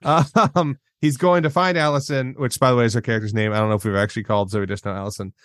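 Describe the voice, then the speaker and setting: Fast-talking wry man, dry sound. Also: mid-range voice, steady tone, fairly bright tone, no room sound. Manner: wry, quick banter. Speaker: podcast co-host. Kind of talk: casual chat reviewing a film.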